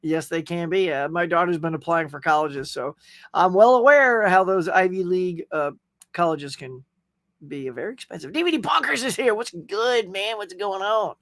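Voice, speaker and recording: A man's voice: high voice, expressive, moderate pace, fairly bright tone, no room sound. A middle-aged man with a Southern US accent, casually hosting a live stream, chatting, laughing often and greeting viewers by name. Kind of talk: casual live chat reading comments.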